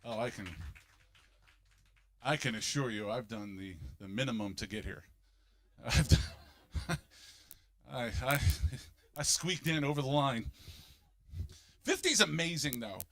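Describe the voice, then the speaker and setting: A man, doing a stand-up comedy set and jumping into loud exaggerated voices for punchlines. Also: medium pitch, a little slow, pauses often. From Philadelphia, United States. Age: 50s.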